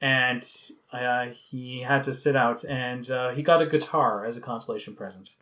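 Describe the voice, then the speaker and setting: A man from Canada co-hosts a casual music podcast, chatting and reading out researched facts about a band. His mid-range voice is a bit bright, with fairly even intonation and a moderate pace.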